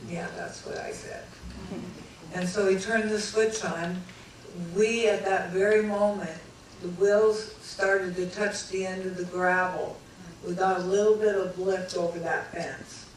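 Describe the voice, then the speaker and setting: A woman's voice: medium pitch, measured pace, slight background noise. Woman telling a story in an echoey hall. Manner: animated, acts out dialogue with lively voices. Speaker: speaker recounting a near-death experience. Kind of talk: dramatic storytelling talk. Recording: echoey hall recorded from far off, faint ambience.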